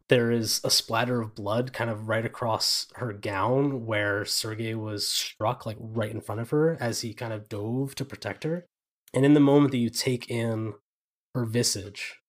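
A man narrating as game master of a tabletop game, in vivid, descriptive storytelling with casual asides. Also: mid-range voice.

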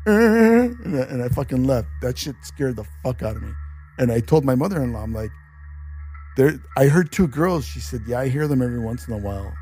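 A man's voice: medium pitch, fairly quick, slightly rough, faint music behind. A man co-hosting a podcast, telling a spooky story in loose casual chat and swearing often. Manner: swears a lot, animated storyteller. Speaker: podcast co-host.

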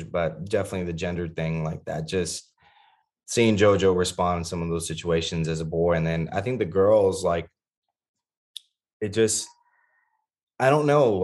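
A man in his thirties talking as a guest on a podcast about being a father, earnest and reflective, with many restarts and fillers. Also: sits low.

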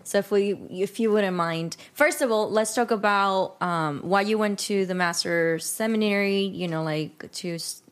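A woman's voice: mid-range voice, moderate pace, hardly any pauses, smooth. A woman hosting an interview, asking questions in a casual, conversational way. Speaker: host.

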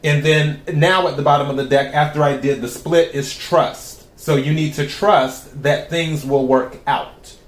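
Calm man giving a tarot reading. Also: on the high side, unhurried, hardly any pauses, reverberant, a little hiss or hum. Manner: calm, repeating questions to the cards. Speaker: tarot reader.

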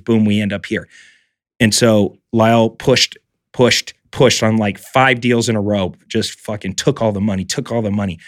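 A man's voice: on the low side, dry recording, clean studio sound. A man hosting a podcast who tells stories animatedly and swears freely in casual conversation. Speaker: podcast host.

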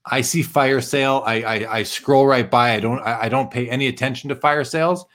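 Male live-show host, tired and hoarse, middle pitch, casual and halting as he reads comments aloud. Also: fairly bright tone. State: tired, losing his voice. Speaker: podcast host. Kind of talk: casual live-stream chat reading viewer comments.

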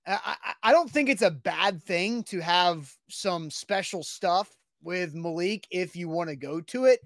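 A man co-hosting a sports talk show, arguing his points emphatically and getting animated as he makes his case. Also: high-pitched, measured pace, no echo, studio quality.

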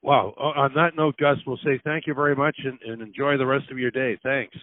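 A man hosting a radio segment, signing off a guest briskly. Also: medium pitch, steady tone. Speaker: radio host. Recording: tinny phone-like audio.

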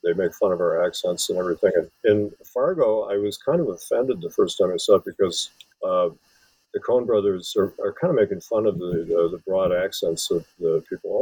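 A man's voice: sits low, a little fast, a little mellow, breathy edge, no echo, rough recording. A man from Wisconsin, an author and film scholar, giving long rambling interview answers full of restarts. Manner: rambling, many restarts and fillers.

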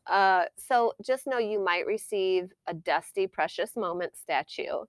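A woman co-hosting a casual chat podcast, chatty and quick to giggle and joke. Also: medium pitch, dry recording. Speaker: podcast co-host.

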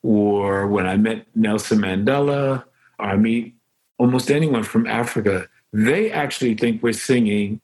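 An older man, a musician, telling stories in an interview in a lively, animated way. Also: unhurried, low-quality recording. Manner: animated storyteller, bursts into sung and high-pitched impressions. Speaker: musician guest. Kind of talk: storytelling interview.

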